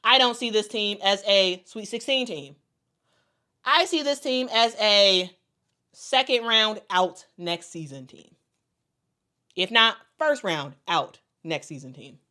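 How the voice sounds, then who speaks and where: A woman's voice: mid-range voice, takes it slowly, pushed and bright. A woman commentating on basketball in a casual way, reading out viewer comments and repeating her points for emphasis. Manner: emphatic, repeats herself for stress.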